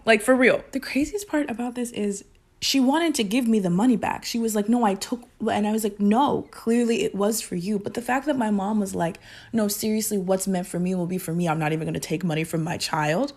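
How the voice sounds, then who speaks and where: A woman casually telling a personal story to her phone camera, chatty and animated with laughing asides. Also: mid-range voice, fairly quick. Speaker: TikTok storyteller.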